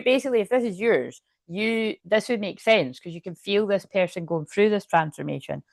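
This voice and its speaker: A woman's voice: medium pitch, dry recording. Woman doing a tarot reading, kinda rambly, talks to herself a lot, dry close sound. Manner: chatty, rambling, self-interrupting with laughs. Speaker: tarot card reader. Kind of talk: casual tarot reading to camera.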